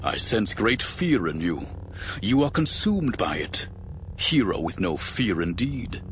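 Man doing a low, contemptuous old Sith lord, cold and taunting, audiobook villain. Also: very animated, slow pace, dull audio, slight background noise. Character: cold, scornful elderly male Sith lord.

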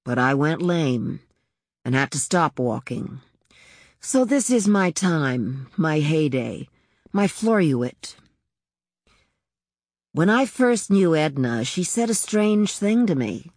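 A woman reads a story aloud in a low, measured voice, reflective and unhurried. The recording is close and dry, with no room sound around her. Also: big pitch swings, darkish tone, no echo. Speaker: audiobook narrator. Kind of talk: scripted narration.

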